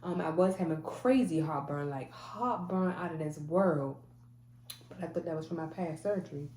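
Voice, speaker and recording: A woman's voice: sits low, normal speed, dark tone, reverberant, slight background noise. A woman telling a personal faith testimony in a casual, emphatic way, repeating phrases and restarting often. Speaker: mother sharing a faith testimony.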